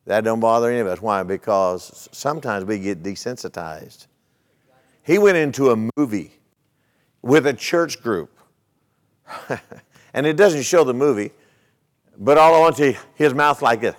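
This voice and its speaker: A man's voice: medium pitch, animated, moderate pace, long pauses. A male pastor preaching a sermon, retelling a story in a folksy way and asking the congregation rhetorical questions.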